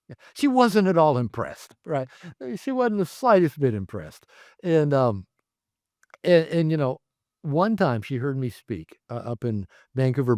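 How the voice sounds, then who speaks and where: A man, a therapist and author, telling stories in a casual interview, rambling and animated with many fillers. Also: mid-range voice, no room sound, studio quality. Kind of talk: casual conversational storytelling. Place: his home.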